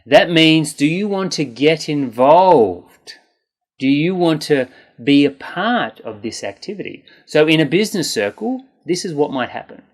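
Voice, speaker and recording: An English pronunciation teacher who says each word slowly and repeats it, stretching out the sounds, in a patient, encouraging way. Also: medium pitch, expressive. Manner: slow, deliberate, exaggerated enunciation with repeated words. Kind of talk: scripted pronunciation lesson.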